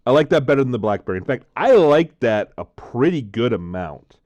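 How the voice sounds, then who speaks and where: A man chatting casually to camera while tasting drinks, rambling, repeating himself and filling pauses with frequent "uh, um" sounds. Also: medium pitch, sing-song, a little mellow, dry recording.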